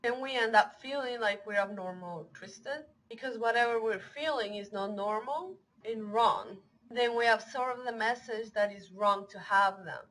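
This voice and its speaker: A woman's voice: a little high, normal speed, hardly any pauses, a bit bright, poor audio. A young adult woman giving an earnest talk on emotional health, running through long lists of example phrases. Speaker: online wellness teacher. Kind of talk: talking-head educational talk.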